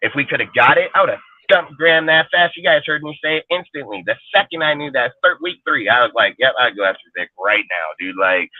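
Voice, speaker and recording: A man's voice: fairly high pitch, lively intonation, quick pace, hardly any pauses, no echo. Profane ranting man on a phone-thin line. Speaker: podcast co-host. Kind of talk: heated fan roundtable talk. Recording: narrow phone-like dry sound.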